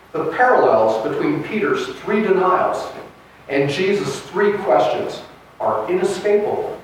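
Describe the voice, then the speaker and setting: A man's voice: a little high, slight background noise. A man preaching a sermon as pastor, retelling a gospel story in a storytelling way. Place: church sanctuary. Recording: echoey church from a distance.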